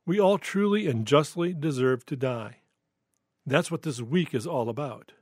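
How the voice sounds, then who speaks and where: A man preaching a devotional sermon with scripture reading, in an earnest, reflective and measured way. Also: fairly high pitch, expressive, a little mellow, no room sound, clean studio sound. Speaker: pastor.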